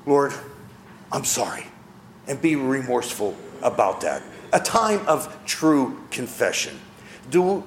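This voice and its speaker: A man's voice: medium pitch, reverberant, a little hiss or hum. A man preaching a sermon as pastor, earnest, asking his listeners questions and repeating key phrases.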